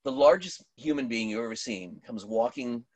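A middle-aged man, a pastor, telling a story in conversation, animated, with many restarts and fillers. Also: mid-range voice, moderate pace, dry recording.

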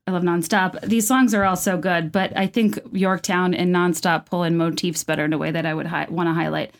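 A woman talking casually at home, enthusiastic and chatty, with lots of fillers and restarts. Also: on the low side. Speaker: video creator discussing a musical. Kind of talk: casual commentary.

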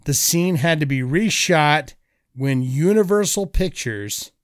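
A man hosting a casual podcast, reading out movie trivia and quiz clues in a slow, deliberate way. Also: on the high side, lively intonation, no room sound, studio quality.

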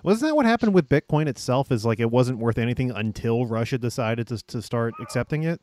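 A man's voice: mid-range voice, lively intonation, a little fast, darkish tone. A man co-hosting a casual podcast chat, reading news items out and commenting on them. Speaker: podcast co-host.

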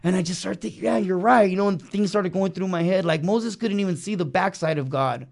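A man's voice: sits high, brisk, darkish tone. Earnest slangy man telling his story. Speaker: interview guest. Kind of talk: casual personal testimony. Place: small studio beside a chapel.

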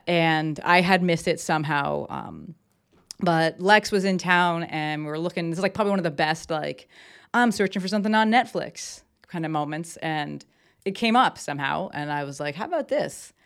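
A woman's voice: on the low side, moderate pace, creaky, clean tone. A woman hosting a casual solo podcast from her desk, talking enthusiastically and rambling with lots of fillers and restarts. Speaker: podcast host. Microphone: desk mic with camera.

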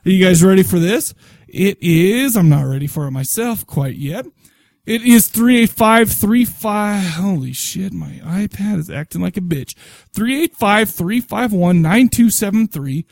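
High-voiced podcast host, dry close sound. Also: male voice, expressive, moderate pace, vocal fry, darkish tone, dry recording. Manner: rambling, profane, restarts. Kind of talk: casual podcast chat.

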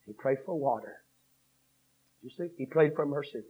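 A man preaching a revival sermon, swinging from hushed storytelling to shouted 'uh'-punctuated cadences. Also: mid-range voice, animated, normal speed, husky. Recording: dull lo-fi sermon recording.

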